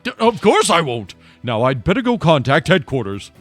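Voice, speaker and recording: A man's voice: on the high side, sing-song, normal speed, faint music behind. A man voicing an eager male police detective who stammers when pressed.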